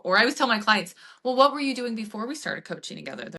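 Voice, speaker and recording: A woman's voice: on the high side, fast. A woman fitness coach hosting a podcast, telling stories in casual chat with lots of "like" and acted-out quotes. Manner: animated storytelling with frequent "like" and acted-out quotes.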